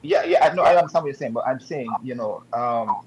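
A man's voice: medium pitch, lively intonation. Male talk show host, lo-fi. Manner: measured, with frequent ums. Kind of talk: casual talk show hosting. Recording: dull lo-fi broadcast audio, faint noise.

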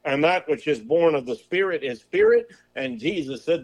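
A preacher with a fairly high male voice delivers a sermon, pressing his listeners with rhetorical questions. He talks in a folksy manner and drags out the words when he quotes scripture. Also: huge pitch swings, darkish tone, lo-fi sound. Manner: slows and drawls on scripture quotes; folksy turns of phrase.

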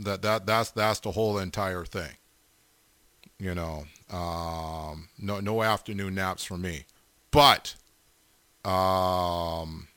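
A middle-aged male radio host ambles through listener greetings at an unhurried pace, his voice bright and forward. He talks in a rambling way, full of fillers and repeated amens. The sound is dry and close, with no room behind it. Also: lowish voice, no room sound. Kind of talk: casual on-air shout-outs to listeners.

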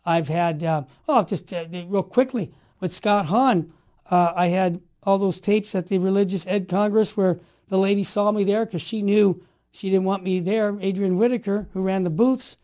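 A man in his sixties telling stories in a conversation, emphatic and animated, sometimes building to forceful outbursts. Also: high-pitched, normal speed. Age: 60s. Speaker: interview guest. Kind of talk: storytelling conversation.

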